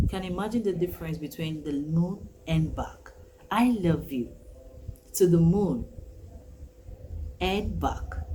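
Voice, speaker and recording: A woman teaching an English vocabulary lesson, repeating each phrase slowly and with emphasis. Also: lowish voice, background noise.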